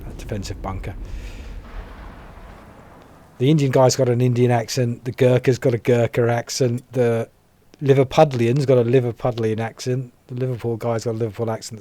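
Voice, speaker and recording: A man's voice: medium pitch, normal speed, mellow, dry recording. An English man giving casual, chatty gameplay commentary, wry and a little grumbling. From England.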